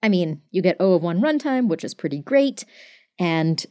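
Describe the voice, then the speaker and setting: A woman co-hosting a podcast, explaining technical ideas in a casual, chatty way, full of "like" and quick asides. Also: on the low side, expressive, warm tone, no echo. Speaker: podcast co-host explaining code.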